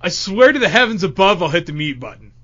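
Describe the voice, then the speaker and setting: A man hosting a podcast in casual banter, loud and teasing. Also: high-pitched, big pitch swings, fast talker. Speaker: podcast host. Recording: dull lo-fi podcast audio.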